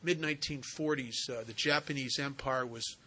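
A man giving a spiritual recovery talk, telling stories and acting out the dialogue in an animated way. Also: medium pitch, normal speed.

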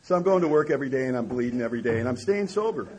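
A middle-aged man telling a self-mocking story to an audience, wry and lively, with a husky voice. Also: medium pitch, racing, crowd noise, rough recording. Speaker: recovery speaker.

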